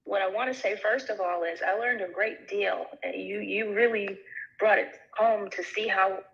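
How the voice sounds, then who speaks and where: A woman's voice: mid-range voice, fairly even intonation, moderate pace, creaky, a bit bright. Thoughtful woman on a lo-fi line. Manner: thoughtful, searching for words. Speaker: Bible study participant. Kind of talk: sharing a reflection.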